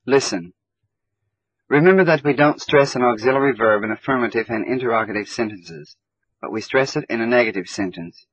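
A man reading slow, deliberate language-tape drills with careful, over-clear enunciation, recorded on tape. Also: medium pitch, fairly bright tone, no echo. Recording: dull dry lo-fi tape recording.

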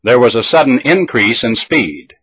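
A man reading a scripted language drill slowly, with careful, deliberate enunciation. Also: mid-range voice, expressive, a bit bright, breathy edge, no room sound. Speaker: language teacher. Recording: dull lo-fi old tape recording.

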